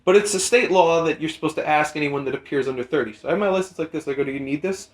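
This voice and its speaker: A man's voice: on the high side, rapid-fire. A young man with a slightly raised voice tells a long, rambling story, cursing freely and acting out the people in it. The room gives his voice a noticeable echo. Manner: rambling, profane, animated in quoted voices. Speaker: podcast host. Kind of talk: casual storytelling chat. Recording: roomy echo.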